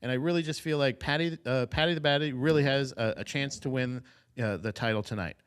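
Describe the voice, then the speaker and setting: A man putting on a quick, earnest male fight pundit voice, somewhat higher than his own. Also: a bit bright, clean tone, lightly acted.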